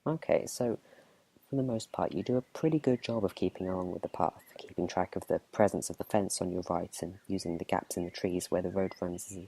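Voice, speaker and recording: A man running a tabletop game as game master, narrating in a relaxed, chatty whispered role-play. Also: deep voice, brisk, creaky, husky.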